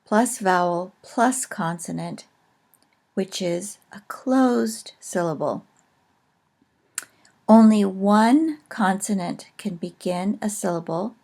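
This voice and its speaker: A woman teaching a recorded lesson, explaining slowly and carefully with frequent pauses. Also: medium pitch, vocal fry, darkish tone. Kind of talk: recorded lecture on a language.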